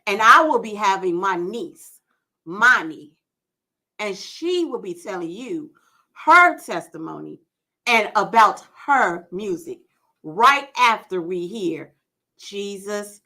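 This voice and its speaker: A woman's voice: mid-range voice, expressive, bright, forceful tone. A woman hosting a gospel radio show, sharing her testimony and encouraging listeners in an emphatic, preacherly way. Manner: preacherly, emphatic, slow and deliberate.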